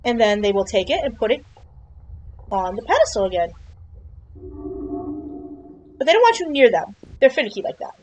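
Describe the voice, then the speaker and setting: A woman's voice: on the high side, sing-song, moderate pace, pauses often, a little mellow, muffled recording, slight background noise. A woman giving chatty, playful commentary while playing a video game, joking and exclaiming at surprises. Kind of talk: casual game playthrough commentary.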